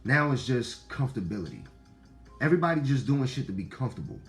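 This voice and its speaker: Deep-voiced man preaching to viewers. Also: big pitch swings, fast talker, faint music behind. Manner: preachy, repeats lines for emphasis, swears; swings between loud outbursts and low murmurs. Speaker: online talk host. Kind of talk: casual monologue to viewers.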